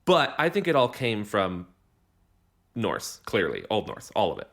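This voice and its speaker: A very low-voiced man co-hosting a podcast, spinning absurd jokes with a deadpan delivery. His pitch still swings widely as he talks. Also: measured pace. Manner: jokey, deadpan absurd riffing. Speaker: podcast co-host. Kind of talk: casual chat.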